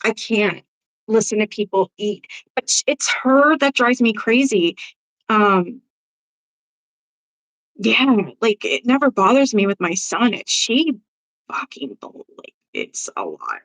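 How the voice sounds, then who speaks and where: A woman's voice: on the high side, slow, long pauses, a bit bright, poor audio. Blunt, foul-mouthed woman chatting live. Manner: blunt, profane gossip with frequent laughs; reads and answers viewer comments. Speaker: livestream host. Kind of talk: casual live-stream chat.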